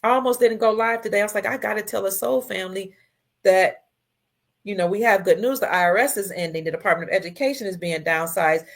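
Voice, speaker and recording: A woman hosting a casual livestream, reading viewer comments, emotional and tearful, her voice swinging between soft and loud. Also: mid-range voice, fast talker, gravelly. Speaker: livestream host.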